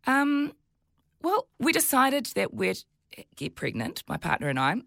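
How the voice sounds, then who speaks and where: Kiwi woman guest, forties, husky-edged low voice, lively retelling, dry studio sound. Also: measured pace, dry recording. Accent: New Zealand. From New Zealand. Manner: animated storytelling, jumps high when quoting herself. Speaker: guest, TV presenter and mother of twins. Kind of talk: candid interview chat.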